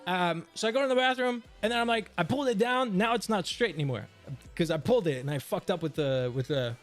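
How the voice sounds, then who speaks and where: Young man, casual streamer, high voice, very lively delivery, swears, laughs, faint background music. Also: fast talker. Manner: animated, swears freely, laughs while telling. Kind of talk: casual storytelling.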